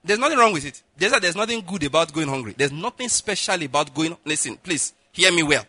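Lively pastor preaching. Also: male voice, on the high side, brisk, no echo. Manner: lively, repeats "listen" and "all right", laughs at own jokes. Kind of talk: sermon with acted-out anecdotes.

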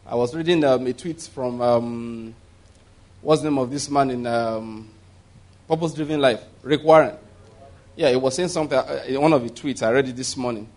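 A man's voice: medium pitch, moderate pace, darkish tone. A man preaching a sermon in a conversational way, asking the congregation rhetorical questions and leading call-and-response.

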